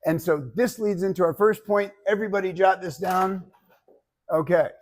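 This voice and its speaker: A man teaching public speaking to a live class in an energetic, conversational way, often checking in with "right?". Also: high-pitched, normal speed. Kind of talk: classroom lecture.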